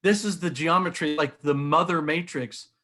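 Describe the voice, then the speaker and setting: A man's voice: on the high side, fairly even intonation, normal speed, a bit bright. A middle-aged man with a slightly raised voice explains shapes in an earnest, eager way. He talks as he shows models, pointing things out as he goes, like a guest in a conversation. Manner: earnest, enthusiastic, demonstrative. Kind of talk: animated explanation while showing models.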